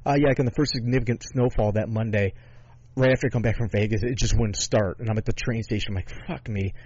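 A man co-hosting a podcast, telling stories in casual chat, rambling and profane with halting restarts. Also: lowish voice, steady tone, darkish tone, husky, dry recording, highs cut off. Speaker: podcast co-host.

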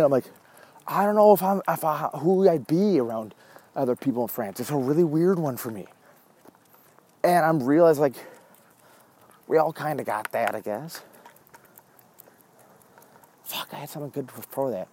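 A man's voice: on the high side, animated, normal speed, long pauses, darkish tone. Rambling, profane man in his forties. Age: 40s. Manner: rambling, profane, wanders off track. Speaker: show host. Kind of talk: rambling casual monologue.

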